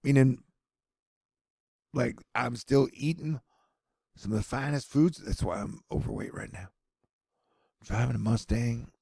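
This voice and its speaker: A man's voice: medium pitch, a little slow, vocal fry, long pauses, warm tone, breathy edge, no room sound. A man giving casual, rambling news commentary with sardonic, self-mocking asides.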